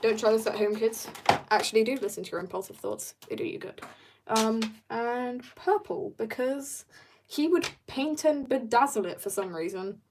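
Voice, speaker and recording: A woman's voice: a little high, lively intonation, moderate pace, background noise. A young woman chatting casually while drawing on a livestream, bubbly and joking as she reads viewer comments. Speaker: art livestreamer.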